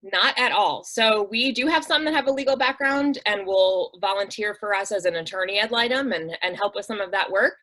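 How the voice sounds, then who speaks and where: A woman's voice: mid-range voice, lively intonation, fairly quick, few pauses, fairly bright tone, rough recording. A woman guest on an interview show, telling heartfelt stories in an earnest, conversational way with frequent "um" and "like". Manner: earnest, acts out quoted voices, many "um" and "like". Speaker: interview guest, nonprofit director. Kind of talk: conversational storytelling.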